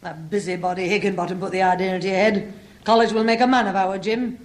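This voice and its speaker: A woman's voice: medium pitch, fairly even intonation, quick pace, close to an everyday voice. A woman playing a fussing, soothing mother in a 1960s radio sitcom.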